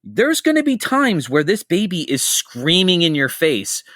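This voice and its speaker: A middle-aged man hosting a casual podcast, telling stories in an animated way, swearing freely and jumping between tangents. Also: sits high, a little slow, no room sound, studio quality. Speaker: podcast host.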